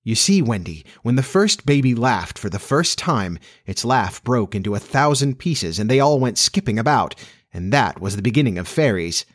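A man's voice: medium pitch, big pitch swings, normal speed, no echo, studio quality. A man voicing an earnest young boy who never wants to grow up, speaking in a raised, boyish voice. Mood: explaining.

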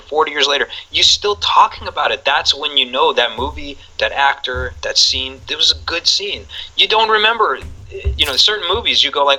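A man's voice: mid-range voice, sharp tone, rough recording. A man in casual chat, talking enthusiastically and rambling with plenty of fillers.

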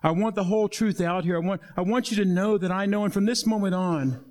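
Man, high voice, pastor preaching, animated storytelling with hushed low moments. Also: fast, hardly any pauses. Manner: animated, acts out Bible dialogue, drops to soft low tones for emphasis. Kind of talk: sermon.

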